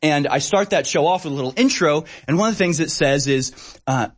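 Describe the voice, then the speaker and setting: An exasperated male talk show host rants through the day's news, his voice sitting a little high for a man. He talks with sarcasm, frequent fillers and short laughs. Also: a little fast. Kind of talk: ranting news commentary.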